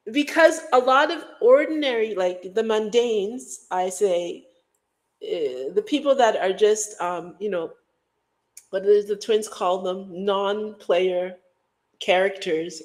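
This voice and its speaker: A woman's voice: medium pitch, slow, a little mellow. A middle-aged woman from Guyana hosting a livestream, rambling in casual chat and breaking into hummed beats and mock voices. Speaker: livestream host.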